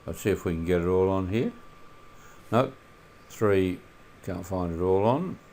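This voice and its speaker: A man's voice: sits low, measured pace, slight background noise. Man teaching maths in a casual screencast. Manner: relaxed, many filler uhs, asks students questions. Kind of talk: screencast lesson walkthrough.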